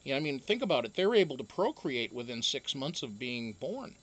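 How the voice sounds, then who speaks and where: A young man, a reality show houseguest, telling a casual story in a profane, animated way. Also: mid-range voice, fairly quick.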